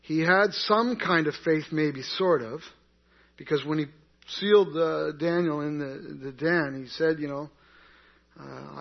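A man's voice: on the high side, measured pace, creaky. A man teaching an interactive Bible class in a conversational way, asking the group questions and answering them himself. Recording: dull lo-fi recording.

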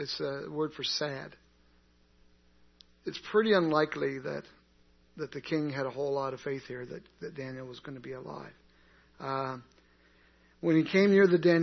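A man's voice: a little high, vocal fry. A man teaching an interactive Bible class in a conversational way, asking the group questions and answering them himself. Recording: dull lo-fi recording.

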